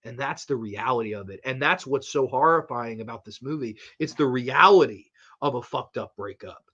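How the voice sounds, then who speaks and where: Profane, animated man reviewing horror films. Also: mid-range voice, normal speed, slightly rough, dull audio. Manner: animated, profane, rambling delivery. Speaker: horror movie podcast host. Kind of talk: casual film review podcast.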